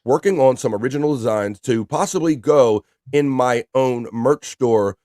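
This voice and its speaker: A man's voice: medium pitch, normal speed, warm tone, no echo, clean studio sound. A man hosting a live stream, joking casually and reading chat messages aloud. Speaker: livestream host.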